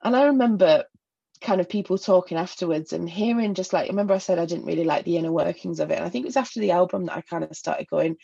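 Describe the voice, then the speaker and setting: Husky, gravelly-voiced woman from Northeast England. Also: fairly low pitch, a little fast, mellow, dull audio. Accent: Northeast English. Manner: frank and self-deprecating, with many restarts. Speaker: guest. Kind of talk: candid personal interview.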